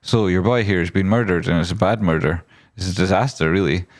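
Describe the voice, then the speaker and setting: A man's voice: deep voice, fairly quick, dry recording, clean studio sound. A man hosting a casual live stream, talking through charts in a rambling, profane, jokey way. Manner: rambling, profane and jokey, often slipping into silly voices; reads viewer chat aloud. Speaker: stock market livestream host.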